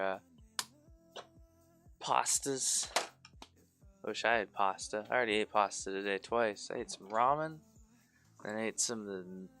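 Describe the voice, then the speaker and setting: A drowsy man rambles along to his viewers in a slow, unhurried way. His voice is bright and a little tense, and his words slur from tiredness. Soft music plays faintly behind him. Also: lowish voice, clear, resonant tone. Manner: relaxed, rambling, chats with viewers. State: sleepy, slurring words. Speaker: livestreamer painting miniatures. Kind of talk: casual live-stream chat.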